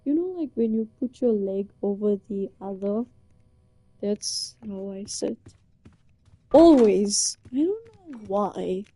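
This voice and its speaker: A woman's voice: mid-range voice, expressive, slow, mellow. A young woman from Britain chatting casually and rambling in a giggly, playfully flustered way. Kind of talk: casual chat to a listener. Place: indoors, under a blanket.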